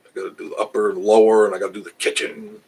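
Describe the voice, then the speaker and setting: An older man with a fairly low voice chats on his livestream, reading viewer comments aloud. He rambles, starts over, and laughs at himself as he talks. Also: little pitch movement, rapid-fire, a little mellow, slightly rough, low-quality recording. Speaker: travel channel host reading live chat. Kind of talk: casual livestream chat.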